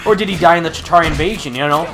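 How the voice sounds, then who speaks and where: A young man hosting a gaming channel chats casually in a slightly high, rapid-fire voice, with music playing behind him. He rambles with plenty of fillers and restarts, and he has the hiccups.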